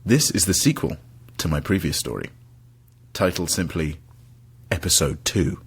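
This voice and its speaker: Deep husky man, joking. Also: lively intonation. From United Kingdom. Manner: joking, quick to laugh. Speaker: podcast guest. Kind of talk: casual comedic chat. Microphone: remote call.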